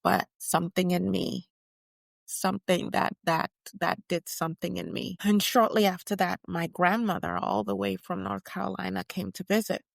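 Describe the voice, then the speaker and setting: Woman cast as a defiant older activist: gravelly low voice, emphatic measured storytelling. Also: steady tone, dry recording, studio quality. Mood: reflective. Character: older female activist recounting prison years, defiant. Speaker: guest portrayed in interview. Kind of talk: first-person dramatized interview.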